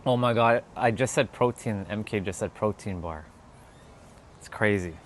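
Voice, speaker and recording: A man's voice: lowish voice, moderate pace, a little hiss or hum. Laid-back joking male livestreamer. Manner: laid-back, joking, swears casually, reads chat aloud. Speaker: livestream host. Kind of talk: casual livestream chat with viewers.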